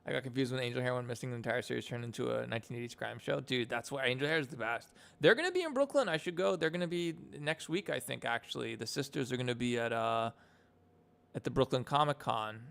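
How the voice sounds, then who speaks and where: A man's voice: medium pitch, fast, creaky, a bit bright, clean tone. A young man casually chatting on a live stream about animation, rambling with lots of fillers.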